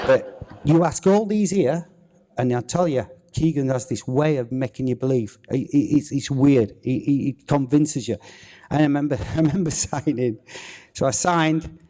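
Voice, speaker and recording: A man, a former footballer telling a lively, swearing anecdote on a theatre stage. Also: medium pitch, measured pace, pauses often. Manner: swearing, animated anecdote telling with acted-out quotes. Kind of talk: on-stage storytelling. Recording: reverberant theatre hall.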